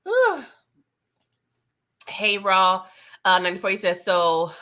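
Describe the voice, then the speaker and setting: A woman hosting a casual TV recap, animated and laughing as she acts out the scenes. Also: on the low side, slow pace, long pauses. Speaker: TV recap host. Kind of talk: casual chat.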